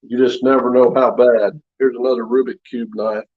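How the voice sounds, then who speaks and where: A man's voice: mid-range voice, level tone, moderate pace. A man chatting casually in his home workshop, showing knives he forged, in a rambling, down-to-earth way. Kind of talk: casual show-and-tell chat. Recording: slightly dull lo-fi sound.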